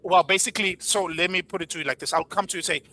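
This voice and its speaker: Guy on a panel, high bright voice, keeps repeating himself, explains everything, bit of hiss. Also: very fast. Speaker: panel guest. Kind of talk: casual panel debate.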